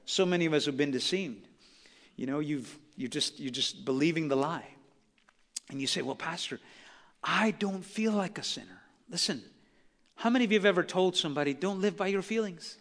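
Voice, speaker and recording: Bright high-voiced preaching man. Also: animated, moderate pace. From Southern California. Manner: impassioned preaching, rising to loud emphatic peaks. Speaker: pastor. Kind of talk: sermon. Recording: long hall reverb.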